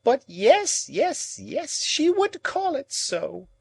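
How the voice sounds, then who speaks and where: A man reading an audiobook, voicing a grief-stricken, possessive old woman in a high, wailing, drawn-out voice. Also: wildly swooping pitch, gravelly, darkish tone, no echo, full character voice, poor audio. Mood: pleading.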